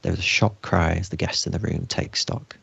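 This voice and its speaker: A man reading stage directions aloud at a live script read, steady and dry. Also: low voice, a little fast, vocal fry, slightly rough, no echo, lo-fi sound. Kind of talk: script table read narration.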